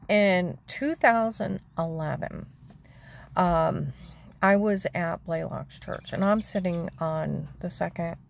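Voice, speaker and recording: Older woman with a gravelly rambling voice. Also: on the low side, darkish tone, a little hiss or hum. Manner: chatty, aggrieved, repeats herself, acts out quotes. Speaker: storyteller. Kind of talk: rambling personal story.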